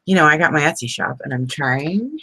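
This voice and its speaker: A woman's voice: sits low, lively intonation, brisk, bright, forceful tone, slight background noise, rough recording. A middle-aged woman chatting casually on a crafting live stream, rambling and laughing often. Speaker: crafting vlogger.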